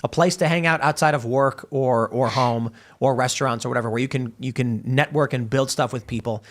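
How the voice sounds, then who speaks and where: A man's voice: medium pitch, steady tone, a little fast. A man hosting a talk show, reading viewer messages aloud and rambling through a long story. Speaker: podcast host. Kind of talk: casual talk-show banter.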